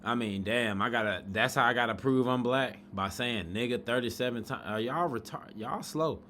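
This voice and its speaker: A man's voice: medium pitch, moderate pace, slight background noise. A man hosting a podcast, giving loose, profane reaction commentary and talking back at the video in disbelief. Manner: animated, incredulous, profane, talks back to the screen.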